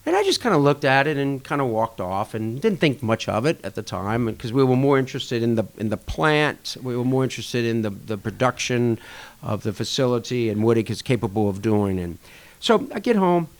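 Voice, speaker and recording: A man appearing as a guest on a podcast, the chair of a restaurant association, briskly tells a long anecdote in a casual storytelling interview. He acts out conversations animatedly, his voice rising and falling as he plays the dialogue.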